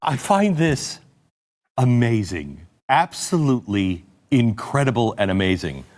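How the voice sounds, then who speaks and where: A man's voice: mid-range voice, very animated, a little slow, darkish tone. A man hosting political commentary, talking in a sarcastic, mocking way.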